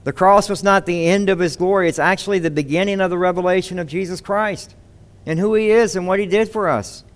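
A man's voice: high voice, a little fast. A man preaching a sermon, reading scripture and asking the congregation rhetorical questions. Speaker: pastor.

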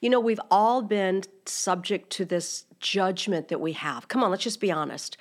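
A middle-aged woman hosts a faith-based podcast, teaching earnestly and directly while posing many rhetorical questions to her listeners. She has a mid-range voice and speaks at normal speed.

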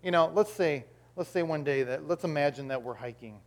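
A high-pitched middle-aged man preaches a sermon to his congregation. He tells homely stories and acts out the voices in them. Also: brisk. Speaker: pastor.

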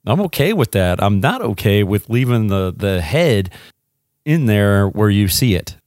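A man's voice: lowish voice, big pitch swings, a little slow, a little mellow, no room sound, studio quality. A man co-hosting a casual podcast chat, ranting with profane complaints. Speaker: podcast co-host.

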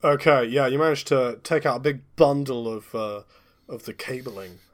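A male game master narrates a tabletop game at an easygoing pace. He pauses often with ums and uhs, and his voice sits at an average pitch. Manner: relaxed, hesitant narration with fillers.

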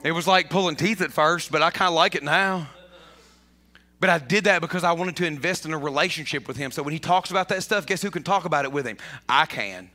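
A man preaching a sermon as a pastor, animated, often repeating himself and rising toward shouts. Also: fairly high pitch, fast.

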